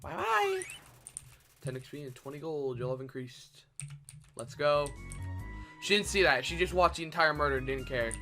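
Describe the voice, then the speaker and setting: A man giving casual let's-play commentary, excitable and rambling, breaking into restarts and shouts. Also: on the high side, normal speed, music in the background. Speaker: gameplay channel host.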